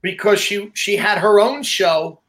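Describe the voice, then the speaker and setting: A man's voice: high voice, a little slow, a bit bright, slight background noise. A man hosting a casual chat, telling chatty stories. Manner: chatty anecdote teller.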